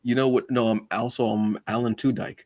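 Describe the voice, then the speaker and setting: A man's voice: mid-range voice, steady tone, fairly quick, darkish tone, dry recording, studio quality. A man co-hosting a podcast, chatting casually and animatedly, acting out quoted lines with self-deprecating asides. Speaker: podcast co-host.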